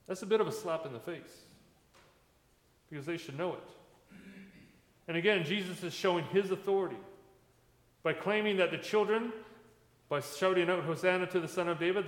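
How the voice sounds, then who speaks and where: A man, a pastor, giving a sermon in a conversational preaching manner, recorded in a church sanctuary. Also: fairly high pitch. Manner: conversational preaching with plain everyday comparisons. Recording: echoey church hall with long reverb.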